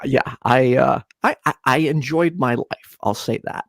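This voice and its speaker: A man's voice: a little slow, gravelly, no room sound. A man in his twenties, co-hosting a casual podcast, telling a story and acting out quotes in a raised voice. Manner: animated, acts out quotes in a high voice. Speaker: podcast co-host.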